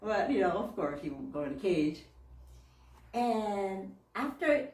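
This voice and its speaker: Lively woman minister in an echoey church. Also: medium pitch, unhurried, far from the mic. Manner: animated, laughing storyteller. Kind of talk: storytelling sermon.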